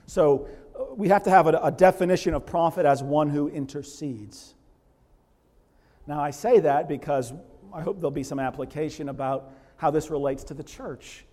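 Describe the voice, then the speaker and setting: A man's voice: normal speed, darkish tone, big-room sound. A man preaching a sermon, acting out scripture characters in quoted speech. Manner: dramatizes biblical figures in quoted voices, pitch rising sharply. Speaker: pastor.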